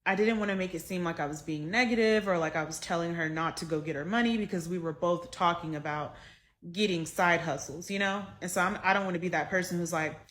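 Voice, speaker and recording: A woman casually telling a personal story, conversational and animated, with plenty of fillers. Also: lowish voice, fast talker.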